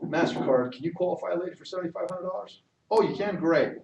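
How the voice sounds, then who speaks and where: A man voicing a pushy, smooth-talking male telemarketer giving a rapid-fire sales pitch, heard from a distance in an echoey room. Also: background noise.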